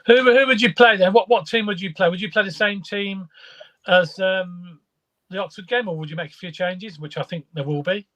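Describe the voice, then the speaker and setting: A man's voice: high voice, normal speed, pushed and bright. Agreeable man previewing a football match. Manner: agreeable, opinionated, asks questions. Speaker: podcast co-host. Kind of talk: casual fan podcast chat.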